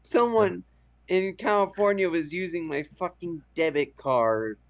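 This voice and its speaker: A man's voice: high-pitched, unhurried. Chatty man telling stories on a podcast. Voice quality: chatty, laughs through his stories. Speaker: podcast co-host. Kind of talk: casual movie chat.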